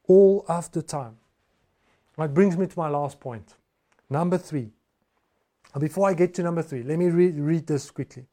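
A man preaching a morning sermon, emphatic and swinging between loud and soft passages. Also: high-pitched. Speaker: pastor.

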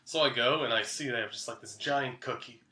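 A young man, a guest on a podcast, tells a funny story in casual conversation, laughing often and acting out the voices of the people involved. His voice is medium-pitched, slightly fast and sharp, with a reverberant sound.

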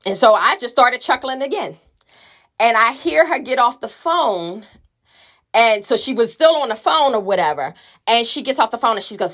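A woman's voice: on the high side, expressive, normal speed, fairly bright tone. A middle-aged woman telling a personal family story in a conversational way, acting out the voices of the people she quotes. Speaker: listener sharing a story.

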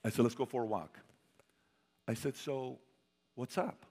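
Male motivational speaker, mid-pitched, animated storytelling with audience call-outs, long hall echo. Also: a little slow. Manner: animated, quizzes the audience, swings from loud to hushed. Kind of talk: storytelling talk to a live audience.

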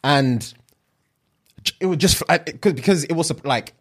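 A young man, chatting casually in a halting, slangy way. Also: fairly high pitch, slightly rough. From England. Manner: halting, slangy, many fillers. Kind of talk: casual podcast chat.

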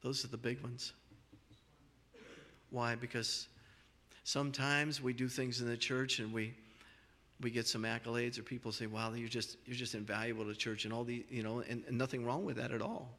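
Earnest pastor preaching in a reverberant church. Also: male voice, medium pitch, fairly even intonation, normal speed, pauses often, fairly bright tone. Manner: earnest, repeats words and restarts phrases. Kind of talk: sermon. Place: church sanctuary. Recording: long reverb of a large church hall.

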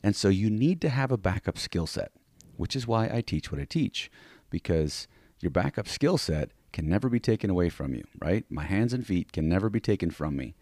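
A man with a very deep voice that rises and falls a lot chats on a podcast. He speaks in bursts, stopping to restart and adding "right?" to his points. The recording is dry and close. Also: normal speed, dry recording. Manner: animated, many restarts and tag questions. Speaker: podcast co-host; self-defense instructor. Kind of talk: casual chat.

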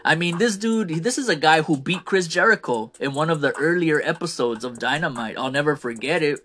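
A man's voice: on the high side, fairly quick, bright, forceful tone. A man hosting a casual wrestling commentary show, ranting with fired-up opinions and trailing off on the ends of phrases.

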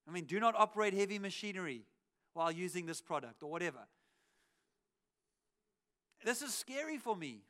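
A man's voice: sits high, expressive, moderate pace, pauses often, fairly bright tone. A man preaching a sermon in a church, talking conversationally through a cheek mic, acting out quotes with wry asides. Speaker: pastor. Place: church auditorium. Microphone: cheek headset microphone.

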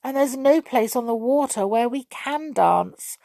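A woman's voice: a little high, animated, measured pace, gravelly, mellow, dry recording, voice pushed up. A woman voicing a bold, impatient little water sprite.

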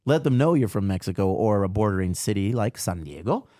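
A man co-hosting a casual podcast, swearing freely as he tells travel stories. His pitch jumps up and down as he talks, and the recording is dry and close. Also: brisk, no room sound. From United States. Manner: profane, animated storytelling. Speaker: podcast co-host. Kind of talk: casual chat.

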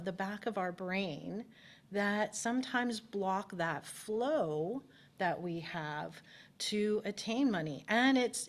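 A woman spiritual director giving a conversational sermon at a spiritual center and asking the congregation questions. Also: mid-range voice. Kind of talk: casual sermon. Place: spiritual center, in person and streamed.

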